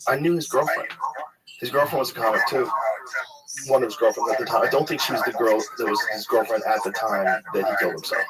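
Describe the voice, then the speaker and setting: A man's voice: fairly low pitch, steady tone, fast talker, over a noisy crowd, rough recording. A man, a stand-up comedian and host, telling stories in a loose, casual chat, full of fillers and the odd swear. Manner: rambling, filler-heavy, swears freely.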